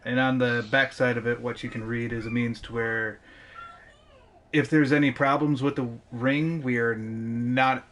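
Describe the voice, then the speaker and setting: A man of medium pitch narrating as game master, rambling through his descriptions with frequent filler phrases. He breaks into laughter often, and a faint noise sits under the recording. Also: steady tone, moderate pace, fairly bright tone. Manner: rambling, keeps saying "means of", laughs a lot.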